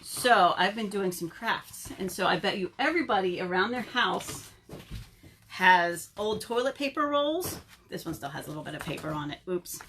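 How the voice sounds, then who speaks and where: A woman working as a children's librarian, reading a picture book aloud in an animated, sing-song way and asking the children questions, recorded at home. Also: mid-range voice, normal speed, a little hiss or hum. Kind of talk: storytime read-aloud for children.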